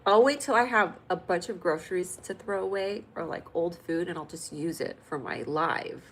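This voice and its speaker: On a low-quality recording with a bit of hiss or hum, a California woman hosts a comedy livestream in a lower voice at a moderate pace. She reads viewer comments casually and jokes around playfully, at times lively and loud.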